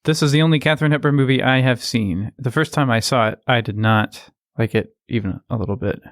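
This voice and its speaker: A man's voice: mid-range voice, a little fast, dry recording, clean studio sound. Plainspoken man giving candid film opinions. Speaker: podcast co-host. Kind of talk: casual film discussion.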